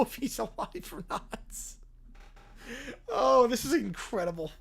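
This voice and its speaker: A woman hosting a casual livestream, reading silly stories aloud in an animated way and laughing often. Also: fairly high pitch, unhurried, gravelly, long pauses, breathy edge. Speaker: livestream host.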